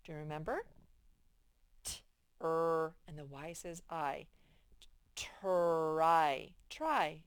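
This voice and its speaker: A woman's voice: low-pitched, sing-song, unhurried, pauses often, fairly bright tone, no echo. A woman teaching sight words to young children, patiently stretching out the sounds of each word. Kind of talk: reading lesson for young children.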